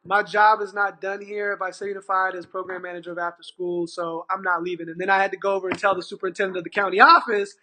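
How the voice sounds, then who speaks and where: This middle-aged Californian talks quickly in a high voice, hardly pausing, as he tells a story as a guest. An after-school program manager, he's animated, acts out the dialogue, and restarts many times.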